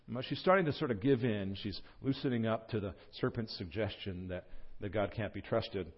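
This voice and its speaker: A man preaching a sermon, teaching through a scripture passage in an earnest tone with fillers and restarts, jumping up in pitch and volume when he voices the words he quotes. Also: moderate pace, breathy edge, lo-fi sound. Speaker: pastor. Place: church.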